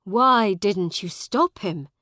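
A woman's voice: medium pitch, expressive, slow pace, sharp tone, no room sound, studio quality. A woman voicing a bold, direct young nobleman in a storybook reading. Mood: urgent.

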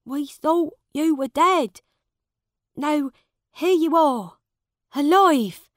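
A woman's voice: high-pitched, slow, a little mellow, dry recording, clean studio sound, voice pushed up. A woman voicing a small, worried, loyal old manservant in a storybook reading.

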